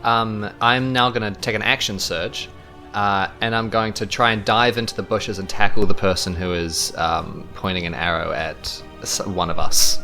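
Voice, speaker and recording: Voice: low-pitched, fairly even intonation, moderate pace, sharp tone, soft background music. A New Zealand player in a tabletop game, asking hesitant questions full of fillers. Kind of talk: casual tabletop play.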